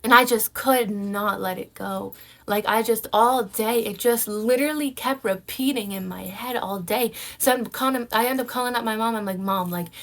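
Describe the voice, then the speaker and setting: A woman's voice: a little high, normal speed. A young woman vlogger telling a personal story in casual chat, full of "like" and "right?". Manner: animated storytelling, frequent "like" and "right?" fillers.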